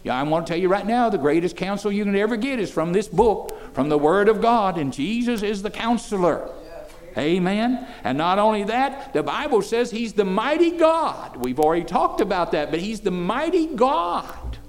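An older man, preaching to children, moving between soft, folksy asides and loud, emphatic declarations. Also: sits high, big pitch swings, moderate pace. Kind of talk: sermon to children.

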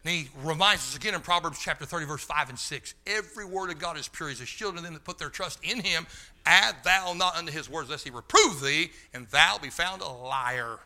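A man preaching a sermon in a fervent, folksy way, talking straight to the room and rising to shouts. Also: fairly high pitch, brisk. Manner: loses his place, talks to the room.

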